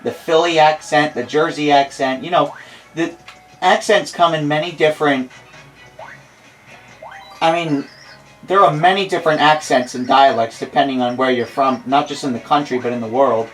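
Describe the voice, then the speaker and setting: American guy in his 20s rambling over a let's play, self-deprecating, kinda high voice. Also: normal speed, faint music behind, rough recording. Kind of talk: casual gameplay commentary.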